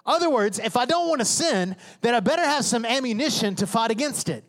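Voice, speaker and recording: Male pastor, high voice, emphatic conversational sermon delivery, acts out inner voices, big hall reverb. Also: lively intonation, brisk, a bit bright. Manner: emphatic preaching, acting out inner voices and prayers.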